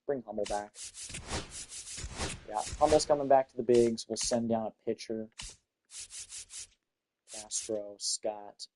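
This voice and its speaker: A man's voice: mid-range voice, warm tone, slight background noise, rough recording. A young man thinking aloud in casual, blunt commentary while playing a baseball game. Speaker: gaming channel host.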